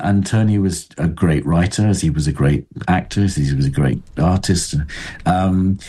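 Low, husky older man, reflective. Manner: halting, many restarts, soft and thoughtful. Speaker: guest. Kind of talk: reflective interview talk.

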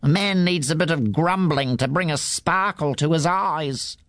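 A man's voice: a little high, unhurried, a bit bright, no echo, studio quality, pitched above the performer's own voice. A man voicing a grumpy old male neighbour who mutters and grumbles crossly. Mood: grumbling.

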